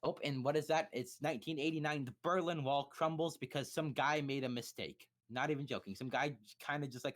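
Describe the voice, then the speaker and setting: Rambling, profane young man streamer. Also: medium pitch. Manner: rambling, profane, jokey, with quick mock voices for historical figures. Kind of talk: casual live-stream history rant.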